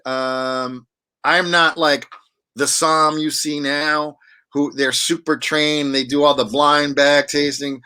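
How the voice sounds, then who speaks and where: With a sharp tone and fairly high pitch, a man who auctions wine tells stories as a guest in a relaxed interview, meandering and frequently restarting amid plenty of fillers.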